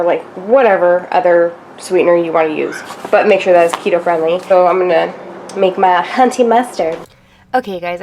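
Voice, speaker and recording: A woman's voice: mid-range voice, darkish tone. A woman vlogger chatting casually while she cooks and eats in her home kitchen, describing each step. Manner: chatty, self-narrating while cooking and eating. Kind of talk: casual cooking vlog chat.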